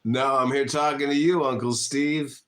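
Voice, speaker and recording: A man hosting a livestream, mocking and taunting a caller in a loud, heated debate. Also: mid-range voice, steady tone, normal speed. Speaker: livestream host.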